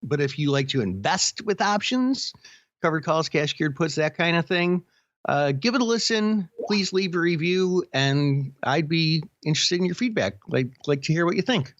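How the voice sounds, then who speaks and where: A man's voice: fairly high pitch, lively intonation, normal speed, no room sound, lo-fi sound. A man co-hosting a casual podcast chat, telling stories with many restarts and fillers. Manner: rambling storyteller with many restarts. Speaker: podcast co-host.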